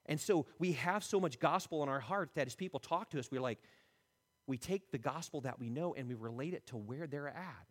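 A male pastor preaching with a lively, swooping delivery, his voice lifting and dropping as he acts out quotes. He chuckles now and then between points. The sound carries a long reverb, as in a large church hall. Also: a little fast. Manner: animated, acts out quotes with shifting pitch and loudness. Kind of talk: sermon.

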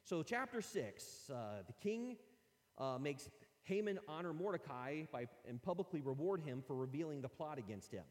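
A male pastor preaching a sermon as an animated storyteller who jokes with his listeners, recorded in a church sanctuary. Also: fairly high pitch, normal speed. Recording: long reverb of a large hall.

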